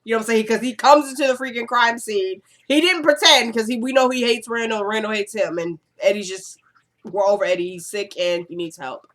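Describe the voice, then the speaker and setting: A woman casually recapping a TV episode, chatting and acting out the characters' lines in quick quotes, with exasperated asides. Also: on the high side, fairly bright tone.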